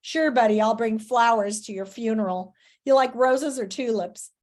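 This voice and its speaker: A woman's voice: a little high, moderate pace, a little mellow, natural voice. Easygoing joking schoolboy, as a woman reads him. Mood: teasing. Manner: teasing, easygoing. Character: friendly joking schoolboy sidekick.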